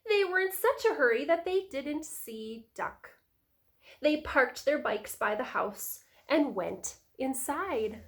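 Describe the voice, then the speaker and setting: Slow, sing-song preschool teacher reading aloud. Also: female voice, sits high, animated. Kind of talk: reading a picture book aloud to children.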